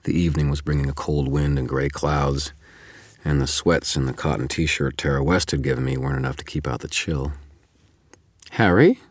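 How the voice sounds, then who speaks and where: A man with an extremely low, booming voice reads a first-person audiobook chapter. His delivery is measured and steady, recorded close and dry with no room sound. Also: dry recording. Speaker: audiobook narrator.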